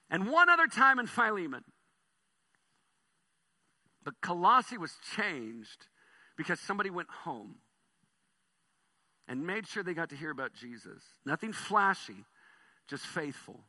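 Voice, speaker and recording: A male pastor delivering a sermon in a high, very bright voice. He tells stories with lively energy, dropping soft and then rising loud. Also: measured pace, pauses often. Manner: animated storytelling, swings between soft and loud.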